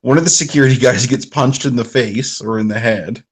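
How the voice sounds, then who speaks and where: A man co-hosting a live podcast, retelling film scenes in a relaxed, conversational way. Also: mid-range voice, brisk, breathy edge. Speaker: podcast co-host.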